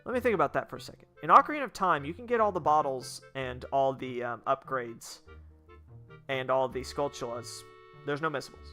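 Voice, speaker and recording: A man's voice: mid-range voice, brisk, bright, forceful tone, soft background music. A man giving casual gameplay commentary as a streamer, rambling and blunt, swearing freely.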